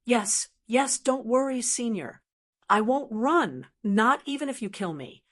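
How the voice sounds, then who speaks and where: A woman's voice: on the high side, expressive, unhurried. A woman voicing a nervous male captive who eagerly swears obedience. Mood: pleading. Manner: pleading, eager to please.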